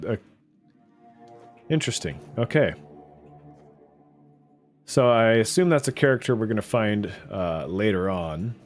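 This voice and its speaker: A man's voice: on the low side, expressive, slow, pauses often, faint music behind. Chatty man commenting on a game. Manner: chatty, hesitant, wry. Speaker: gameplay streamer. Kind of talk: casual gameplay commentary.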